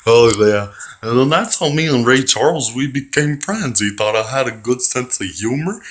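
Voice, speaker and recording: Male comic storyteller: naive, profane, rambling, mid-pitched voice. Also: fairly bright tone. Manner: childlike, naive.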